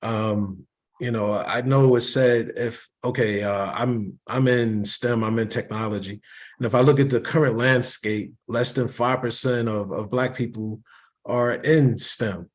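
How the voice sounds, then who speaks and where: A man speaking as a panelist in a measured way with pauses over a video call. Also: mid-range voice, steady tone. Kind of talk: panel discussion.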